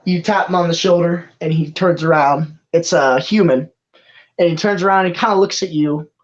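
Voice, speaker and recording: A game master narrating a tabletop game in a laid-back way, laughing often and dropping into quick character voices. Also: medium pitch. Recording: dull lo-fi mic.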